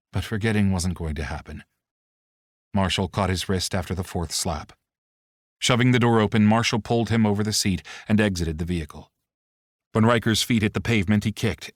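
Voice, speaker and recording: A low-voiced male narrator reads an audiobook in a steady, expressive storytelling style. The recording is close and very dry, with no room sound and no echo.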